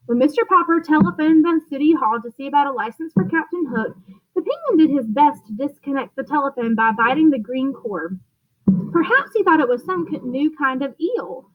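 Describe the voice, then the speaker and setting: Expressive woman reading to children. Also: high-pitched, fairly quick, narrow, tinny audio. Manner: expressive, occasional stumbles. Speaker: teacher reading aloud. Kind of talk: read-aloud storytelling for children.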